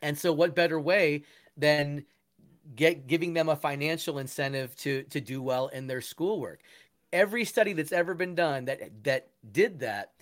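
An enthusiastic man with a fairly high voice, talking in a casual interview. He is earnest and keeps restarting his sentences as his ideas pile up. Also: normal speed. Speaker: guest, musician and education founder.

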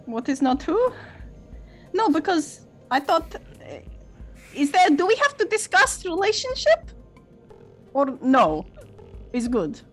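A woman's voice: very high voice, big pitch swings, faint music behind, exaggerated voice. A woman doing a puzzled, broken-grammar character. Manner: halting, odd broken grammar. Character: confused being speaking broken grammar. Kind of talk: tabletop role-play in character.

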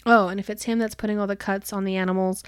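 A woman's voice: medium pitch, flat delivery, fast, smooth, no echo. Woman podcaster gabbing through a book recap, says like a lot, giggly, dry close sound. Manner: chatty, peppered with "like", giggly. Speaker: podcast co-host. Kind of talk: casual book-recap chat.

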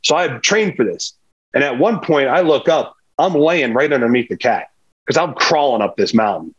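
Speaking in a husky, mid-range voice at normal speed, a former pro football player tells a podcast host a hunting story, bringing the dialogue to life with animated quotes. It's a casual storytelling interview, and the recording is muffled.

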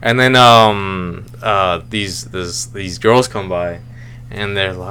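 A man's voice: low voice, takes it slowly, clean tone. A man in casual podcast chat, animatedly retelling a story and acting out the people in it. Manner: animated storyteller, acts out voices while retelling. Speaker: podcast co-host.

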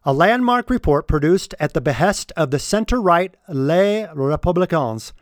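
A man's voice: on the high side, expressive, normal speed, no room sound, clean studio sound. A man delivering opinion commentary, stressing and repeating key words as he reads from a report.

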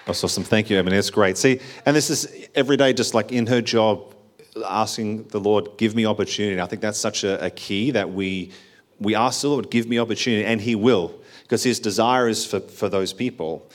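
A man's voice: on the low side, fairly quick. A man leading a church meeting, encouraging speakers and thinking aloud as he talks. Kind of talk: sermon-like encouragement.

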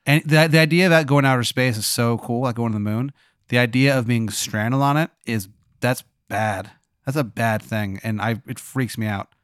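A man playing his character in a comedic role-play game, incredulous and deadpan, full of questions. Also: mid-range voice, normal speed, clear, resonant tone, no echo, studio quality. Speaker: player.

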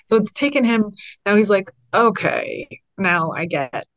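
A woman's voice: mid-range voice, lively intonation, moderate pace, no room sound, poor audio. A bereaved mother speaking earnestly in an interview, often repeating and restarting her words. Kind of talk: conversational interview.

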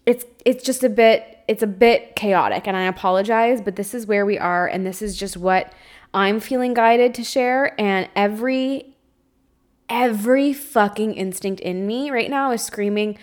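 A young woman speaks at a moderate pace in a medium-pitched voice, hosting her own podcast as a spiritual coach. Alone at the mic, she talks openly and at great length about what she fears, swearing freely and searching for the right words in an emotionally confessional tone.

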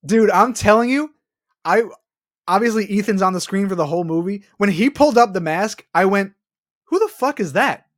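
A man's voice: high voice, fairly quick. A man co-hosting a podcast, ranting about a movie in casual chat, swearing often. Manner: profane, ranting, animated. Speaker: podcast co-host.

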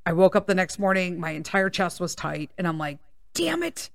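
A woman's voice: lowish voice, fairly even intonation, a little fast, no room sound, clean studio sound. A woman hosting a casual podcast, telling personal stories in a candid, rambling way with plenty of swearing, sounding a little congested. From United States. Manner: candid, profane, rambling with tangents. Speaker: podcast host.

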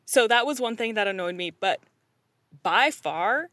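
A woman's voice: mid-range voice, lively intonation, measured pace, a bit bright, dry recording. A woman in casual chat, ranting in exasperation and laughing often.

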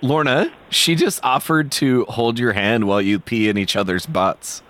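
A man's voice: mid-range voice, moderate pace. Sleazy goofy prank-calling man. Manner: sleazy, goofy, deadpan put-on. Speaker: prank caller, show host. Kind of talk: prank call.

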